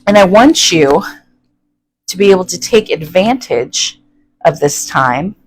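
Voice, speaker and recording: A woman's voice: fairly low pitch, animated, measured pace, soft background music, low-quality recording. A woman giving a chatty, folksy tarot reading to her viewers, often checking in with "okay?". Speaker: tarot reader.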